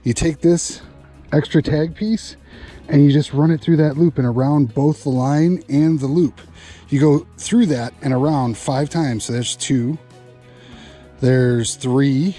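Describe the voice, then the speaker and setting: A middle-aged man hosting a fishing vlog from a boat on a lake, chatty and easily excited. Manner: excitable, gets loud and high when a fish bites. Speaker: fishing channel host. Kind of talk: casual fishing vlog narration.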